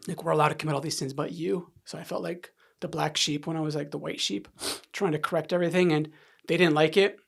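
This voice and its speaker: Gravelly-voiced man telling a painful story. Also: a little high. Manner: candid, halting, repeats words when upset. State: emotional, sniffing. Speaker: podcast guest. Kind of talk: emotional personal storytelling.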